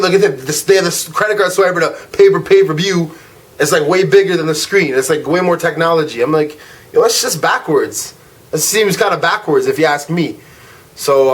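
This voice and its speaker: Young male vlogger, high voice, slangy animated rant, drifts between irritation and chill. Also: moderate pace. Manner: animated, slangy, swings from loud irritation to laid-back drawl. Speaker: vlog host. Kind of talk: casual storytelling rant.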